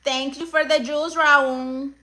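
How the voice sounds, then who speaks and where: A woman's voice: sits high, fairly even intonation, measured pace, sharp tone. A woman with Spanish-accented English reading out a livestream chat, sassy and mock-demanding as she greets viewers by name. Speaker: livestream comedian.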